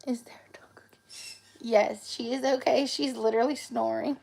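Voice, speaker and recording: High gravelly woman cooing at her pets. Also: steady tone, normal speed, a little mellow. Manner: playful, coos at her pets in baby talk. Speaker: live streamer. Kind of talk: casual live-stream chat.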